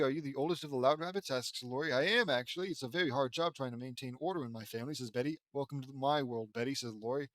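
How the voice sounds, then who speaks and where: A man's voice: mid-range voice, fairly bright tone, no echo. A man reading a fan-fiction audiobook aloud, stumbling over words and breaking in with sarcastic asides.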